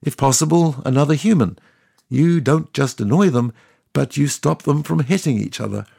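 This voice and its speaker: A man's voice: medium pitch, normal speed, gravelly, darkish tone, breathy edge, no echo, studio quality. A man plays God as a sardonic, chatty ancient deity, telling the story in a scripted comic monologue. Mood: wry.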